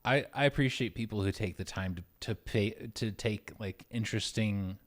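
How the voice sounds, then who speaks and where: A man's voice: fairly low pitch, normal speed. A man co-hosting a podcast in casual chat, thoughtful and hesitant, often repeating words. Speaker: podcast co-host.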